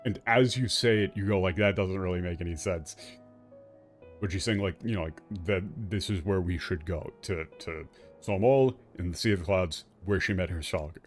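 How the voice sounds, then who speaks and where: A man's voice: low-pitched, moderate pace, soft background music. A man streaming a game and explaining its story in casual, rambling commentary, full of fillers and restarts and the odd swear word. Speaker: streamer playing and translating a game.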